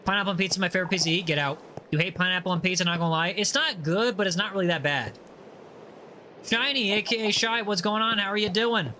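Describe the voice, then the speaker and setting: Talking at a quick clip, a man hosting a laid-back gaming stream reads viewer comments out loud and ribs the people who sent them. His high voice has a bright, forward quality. There's a light hiss of noise underneath.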